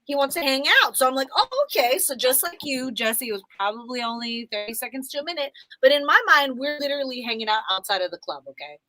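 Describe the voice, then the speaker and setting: A woman's voice: high voice, fast talker, hardly any pauses, no echo, poor audio. A woman in her thirties co-hosting a casual chat, telling a story and acting out the people in it. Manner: animated, acts out quotes in other voices. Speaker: co-host.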